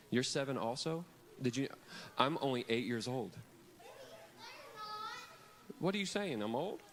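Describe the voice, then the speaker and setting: A man's voice: medium pitch, fairly bright tone. A man, giving a playful, teasing kids camp sermon from a church stage. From Louisiana. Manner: playful, teasing, chatty with children. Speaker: camp speaker.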